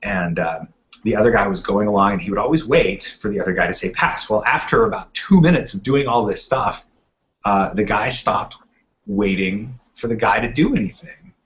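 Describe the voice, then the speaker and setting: A man's voice: lowish voice, normal speed, a bit bright. Man telling rambling stories, lo-fi audio. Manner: rambling anecdotes with acted-out quotes. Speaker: podcast co-host. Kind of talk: casual storytelling chat. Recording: muffled lo-fi podcast audio.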